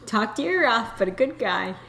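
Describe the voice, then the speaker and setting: A woman's voice: a little high, expressive, normal speed, vocal fry, a bit bright. A young woman from Miami co-hosting a casual chat, telling stories with jokes and laughter. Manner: joking, laughing storyteller. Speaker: podcast co-host.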